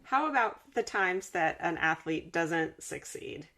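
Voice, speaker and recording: A woman's voice: lowish voice, animated, unhurried, bright, forceful tone. A woman hosting a podcast, asking long, thoughtful questions in a casual chat. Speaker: podcast host.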